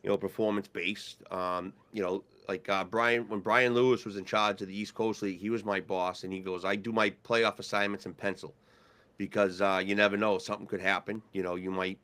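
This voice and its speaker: A man's voice: on the low side, fairly quick. A man co-hosting a casual podcast, a referee supervisor telling stories and acting out the people in them. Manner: storytelling, animated when quoting others.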